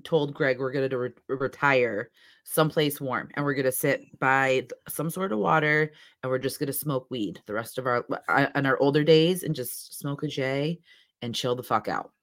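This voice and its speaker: A woman's voice: extremely low pitch, moderate pace. A woman co-hosting a casual podcast chat, talkative and profane, laughing often. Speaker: podcast co-host.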